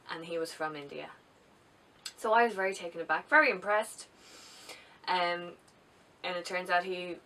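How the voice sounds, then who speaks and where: A woman's voice: fairly low pitch, fairly bright tone. A young woman with an Irish accent, chatting casually to camera as a travel vlogger, rambling a little with ums and restarts. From Ireland. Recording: distant mic with faint background noise.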